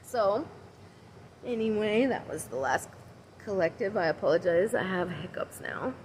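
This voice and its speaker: A woman's voice: mid-range voice, lively intonation, measured pace, a little mellow, slight background noise, rough recording. A woman giving a casual tarot and oracle card reading on a livestream from outside her house. She chats and rambles and talks to her viewers by name.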